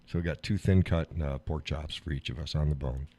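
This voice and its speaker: A man hosting a live stream, chatting casually about food and his day, laughing often and talking in an animated, blunt way with some swearing. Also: very deep voice, a little fast, dry recording. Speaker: live stream show host. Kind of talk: casual chat reading viewer comments.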